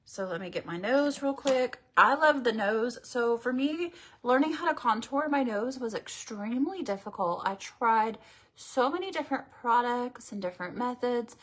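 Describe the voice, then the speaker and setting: Bright and animated, her fairly high voice moves at a moderate pace as she works through a relaxed makeup tutorial on a livestream. She rambles and chats with her viewers throughout.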